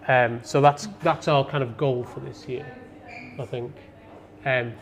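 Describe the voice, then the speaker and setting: A man's voice: medium pitch, fairly even intonation, unhurried, creaky, slight background noise. A man, an independent filmmaker, talking casually in an interview with many hesitant ums.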